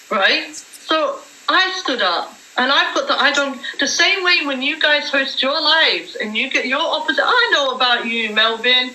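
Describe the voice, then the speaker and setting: A woman's voice: high voice, expressive, moderate pace, sharp tone, reverberant, slight background noise, rough recording. A woman hosting a heated live-stream debate, emphatic and swearing as she argues her point. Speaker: livestream host.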